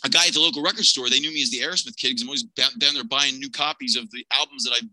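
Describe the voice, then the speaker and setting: Guy in his 50s telling a story, super bright voice, acts out everybody, really dry sound. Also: medium pitch, rapid-fire, no room sound, rough recording. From Pennsylvania, US. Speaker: podcast guest. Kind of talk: personal storytelling.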